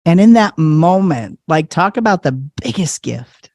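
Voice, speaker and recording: A man with a fairly high voice tells a personal story as a podcast guest in casual conversation, speaking at a moderate pace with hardly any pauses. He's animated, slips into other people's voices and laughs often, and the recording is close and dry.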